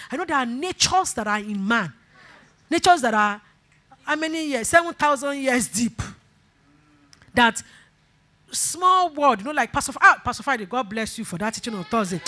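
A woman's voice: high-pitched, animated, normal speed, sharp tone. A woman pastor preaching a sermon, leading call-and-response, repeating phrases and breaking into emphatic bursts. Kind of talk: sermon exhortation.

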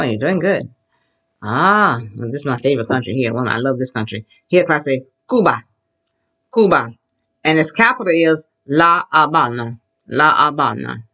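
Upbeat teacher voice, very animated, drilling a class and drawing out words to demonstrate pronunciation. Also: medium pitch. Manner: slows down to model pronunciation. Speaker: Spanish teacher. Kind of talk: classroom language lesson.

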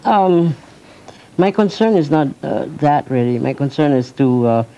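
A man chats as a guest in a casual television interview, playful and joking, often stopping on fillers as he hunts for English words. His voice is dark and mellow, caught on a dull, lo-fi 1990s TV recording. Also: a little high, expressive, moderate pace. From France. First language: French. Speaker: guest jazz pianist.

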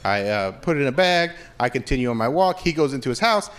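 A man's voice: medium pitch, animated, quick pace, fairly bright tone. A man doing a stand-up comedy set on stage, telling stories in a wry, conversational way into a handheld mic. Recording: live room with audience noise.

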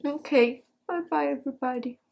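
A young woman talking casually to camera, soft-spoken and halting, close to tears. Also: high-pitched, vocal fry. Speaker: vlogger announcing a breakup. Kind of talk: casual heartfelt chat to camera.

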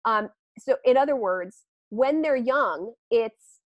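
Animated woman dog trainer, dry sound. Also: fairly high pitch, a little slow, no room sound, dull audio. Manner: animated, laughs often, acts out quotes. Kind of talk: podcast interview.

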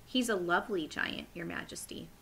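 A woman reading aloud, voicing a calm, earnest little girl who speaks respectfully. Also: lowish voice, normal speed, vocal fry, a little hiss or hum.

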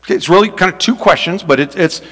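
A man's voice: high voice, fast, a bit bright, husky. A man preaching a sermon as pastor, joking and folksy as he tells stories. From Louisiana. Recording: long reverb of a large hall.

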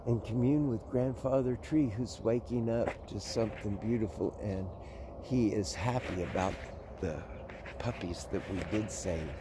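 An older man, running an animal sanctuary and chatting casually outdoors in a rambling way, breaking into a high cooing voice for the puppies. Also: a little slow, background noise. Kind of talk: casual vlog chat.

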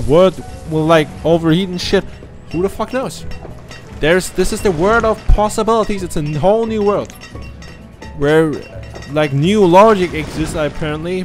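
A man whose first language is German, giving rambling, profane, self-mocking commentary while playing a game. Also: a little high. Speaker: gaming commentator. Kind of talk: casual let's-play commentary.

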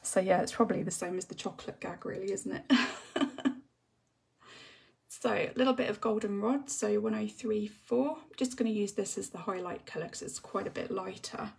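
Gravelly English woman, soft chatty tutor. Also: medium pitch, normal speed, far from the mic. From England. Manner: relaxed rambling chat, often drops to a soft half-whisper while working. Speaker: colouring tutor. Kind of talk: chatty live-stream tutorial while colouring.

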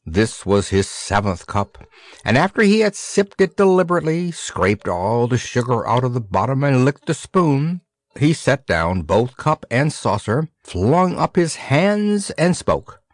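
A man narrating a children's storybook aloud in an expressive storytelling manner. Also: mid-range voice, unhurried, no echo, clean studio sound. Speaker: audiobook narrator.

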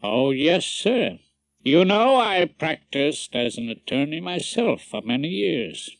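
A man voicing a bulky, genial middle-aged American law professor with a courteous, flattering, drawn-out way of speaking. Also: fairly high pitch, vocal fry, no echo, full character voice.

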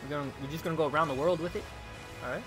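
A young man live streaming a game, chatting excitedly with viewers, reading their messages and calling them dude. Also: on the high side, racing, music in the background. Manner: excitable, chatty, reads chat aloud, calls viewers dude. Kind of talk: live gameplay streaming commentary.

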